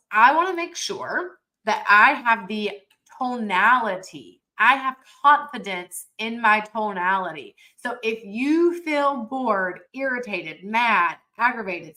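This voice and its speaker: A woman's voice: a little high, bright, forceful tone, poor audio. A woman teaching a sales training webinar, talking with energy and emphasis in a coaching manner over a computer mic.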